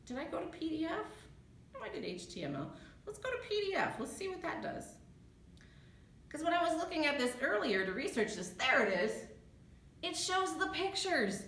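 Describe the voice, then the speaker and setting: Chatty librarian woman, lively pitch. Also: a little hiss or hum. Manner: chatty, thinking aloud while clicking. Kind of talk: screen-share tutorial. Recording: echoey room.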